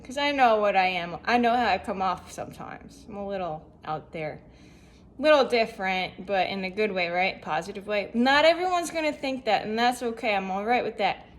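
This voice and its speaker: A woman's voice: medium pitch, expressive, moderate pace, a little hiss or hum. A young woman talking casually to camera, rambling through self-help thoughts with lots of rhetorical questions. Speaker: vlogger.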